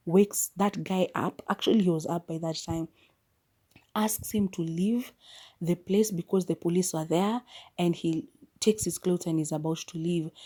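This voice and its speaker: A woman podcast host retelling a film's plot in a chatty, casual way, with quick asides and restarts. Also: sits low, mellow. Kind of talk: casual movie recap.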